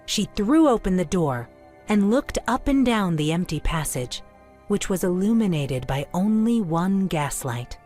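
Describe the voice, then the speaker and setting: A woman narrating a children's storybook in a clear, measured storytelling manner. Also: fairly low pitch, big pitch swings, darkish tone, soft background music.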